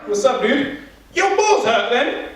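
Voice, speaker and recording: A man's voice: very high-pitched, very animated, slow pace, voice pushed up, exaggerated voice. A man putting on a chirpy British doctor. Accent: British, put on. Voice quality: exaggerated mock accent. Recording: roomy hall, far from mic, noisy.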